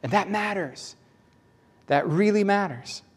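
A man's voice: animated, a little slow, slightly rough. Emotional conversational male preacher. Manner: conversational, emotional storytelling with sudden rises in pitch. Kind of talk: sermon.

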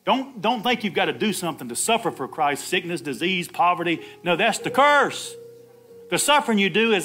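A man's voice: high-pitched, expressive, a little fast, fairly bright tone, soft background music. A man preaching an Easter sermon, laughing often, calling out "Amen" and acting out the Bible dialogue himself. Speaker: pastor.

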